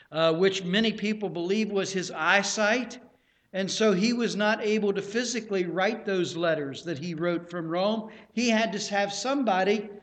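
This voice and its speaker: A man preaching a sermon in a plain, earnest teaching manner, often repeating himself. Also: sits high.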